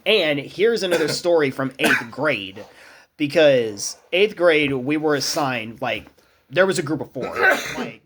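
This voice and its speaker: A young man chats on his podcast, his voice slightly high and swinging widely in pitch. He tells school stories with a steady stream of swearing. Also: slight background noise.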